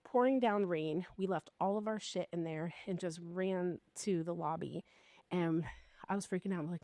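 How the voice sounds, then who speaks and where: A woman in her fifties, co-hosting a podcast, telling a personal ghost story in an animated, casual way with frequent swearing. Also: fairly low pitch, moderate pace, dry recording. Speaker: podcast co-host.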